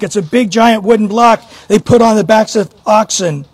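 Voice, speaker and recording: A man's voice: high voice, moderate pace, no room sound. A man preaching a sermon to a church congregation, earnest and questioning, often repeating a word as he starts. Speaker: pastor.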